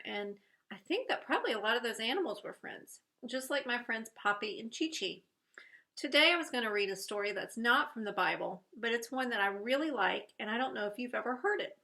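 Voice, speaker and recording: A woman reading a bedtime story to small children at a church. She is gentle and expressive and speaks directly to her young listeners. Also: mid-range voice.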